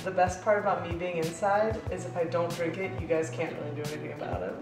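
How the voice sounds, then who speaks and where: A chatty, swearing woman co-hosting a vlog from indoors, heard through a window, with a distant echoey pickup and music behind her. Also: fairly low pitch. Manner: chatty, swearing, fast talking. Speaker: vlog co-host. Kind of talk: casual chat.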